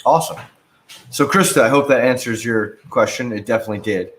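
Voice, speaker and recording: A man's voice: mid-range voice, fairly quick, fairly bright tone, slight background noise. A man hosting a casual interview over a video call, upbeat and affirming, reading out audience questions. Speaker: host and moderator.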